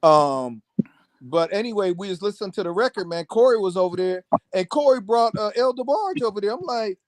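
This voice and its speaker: A man in a music business telling stories over a video call in a lively, casual way, acting out other people's voices and saying "man" a lot. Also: high voice, a little fast, dry recording. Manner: animated, acts out quoted voices, says "man" constantly. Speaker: music producer guest. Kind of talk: casual storytelling chat.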